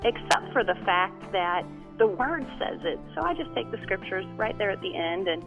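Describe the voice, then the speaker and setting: A woman's voice: mid-range voice, moderate pace, gravelly, music in the background. Emphatic woman pastor on a tinny phone line. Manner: animated, emphatic storytelling. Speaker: pastor and author. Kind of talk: phone interview guest.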